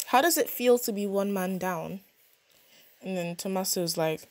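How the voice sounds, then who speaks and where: A young woman casually narrating a life-sim game, chatty and expressive with quick reactions. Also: mid-range voice, no echo. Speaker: gaming channel host.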